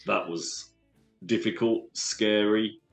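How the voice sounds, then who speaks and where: A man from London with a London accent, a guest telling stories from his life in an earnest, halting way with many restarts. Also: on the low side, fairly even intonation, creaky, echoey room, faint music behind. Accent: London English. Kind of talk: casual storytelling interview.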